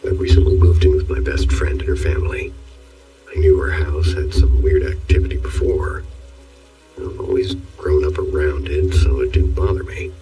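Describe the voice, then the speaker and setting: A man narrating horror stories as a scripted read in a steady, even manner. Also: a bass voice, normal speed. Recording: distant voice, faint music.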